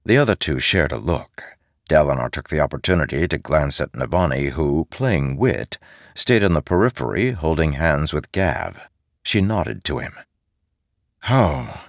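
A man reading an audiobook in an expressive narration style. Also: very deep voice, normal speed, dry recording, studio quality. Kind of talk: scripted narration.

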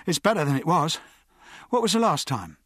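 A man's voice: mid-range voice, very animated, normal speed, a bit bright, no echo, clean studio sound. A man doing an eager, earnest accomplice.

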